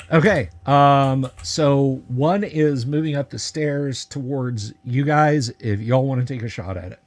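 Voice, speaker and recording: A man narrating as game master of a tabletop game on an online stream, casual and halting with many filler words. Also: mid-range voice. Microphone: video call.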